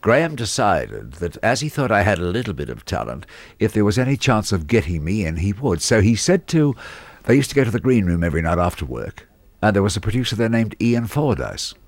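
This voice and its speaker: A man's voice: on the low side, very animated, a little fast, dry recording. An Australian man who works as a radio disc jockey, telling stories from his career in an interview and acting out the people in them. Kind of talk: anecdotal storytelling in an interview.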